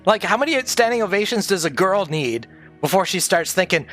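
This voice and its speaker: A man on a livestream casually telling stories from his audio engineering days, animated and profane, laughing often. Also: high voice, fairly quick, faint music behind.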